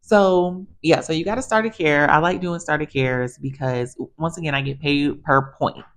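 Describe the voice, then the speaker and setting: A woman physical therapist telling stories in a chatty, animated way, addressing viewers casually. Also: low-pitched, moderate pace. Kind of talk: casual storytelling monologue.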